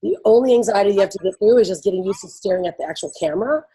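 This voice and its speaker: Racing through her words, an event host with a medium-pitched, mellow, slightly rough voice gives attendees a casual explanation. She's bubbly, laughs often, and fills gaps with "like" and "you know." Audio is poor.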